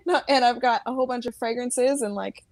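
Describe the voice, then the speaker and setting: A woman's voice: sits high, lively intonation, moderate pace, a bit bright. A woman from the United States, a guest on a video call, chatting in a bubbly way, laughing often and saying "like" a lot. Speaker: guest fragrance reviewer. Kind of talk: casual video call chat.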